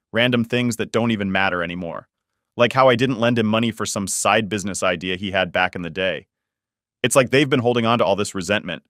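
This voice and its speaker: A man's voice: lowish voice, a bit bright, dry recording, studio quality. A man narrating a first-person family drama story in an exasperated, matter-of-fact way.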